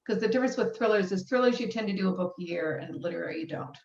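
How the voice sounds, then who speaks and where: A woman's voice: mid-range voice, racing, darkish tone. A middle-aged woman author telling her story casually, rambling and self-deprecating with many restarts. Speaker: author guest. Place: live event hall. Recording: dull roomy sound from far off.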